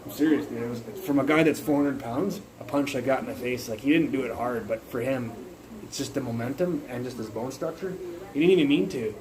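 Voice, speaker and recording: A man's voice: medium pitch, a little fast, crowd noise, poor audio. A young man talking on a phone livestream in a blunt, profane and rambling way, often restarting his sentences. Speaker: live streamer. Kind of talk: casual rambling live-stream chat.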